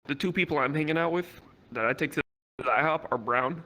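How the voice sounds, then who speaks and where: A man doing stand-up, telling a rambling, profane story with quick acted quotes in a virtual comedy club. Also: on the high side, bright, forceful tone.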